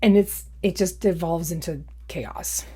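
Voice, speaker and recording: A woman's voice: on the low side, unhurried, warm tone. A young woman doing casual reaction commentary in a sarcastic, mocking way. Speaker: YouTube commentator.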